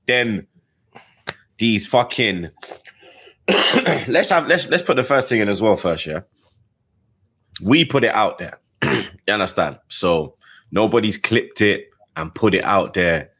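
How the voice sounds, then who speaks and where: A middle-aged man with a London accent, hosting a casual chat and telling animated stories full of slang. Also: lowish voice, slow, long pauses, slightly rough. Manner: animated storytelling with slang tags. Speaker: host.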